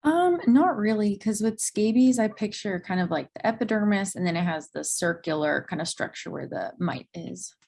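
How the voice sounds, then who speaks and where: A woman's voice: mid-range voice, animated, normal speed, creaky, few pauses, darkish tone. A young woman, a dermatology resident, answering quiz questions tentatively, with many likes and ums.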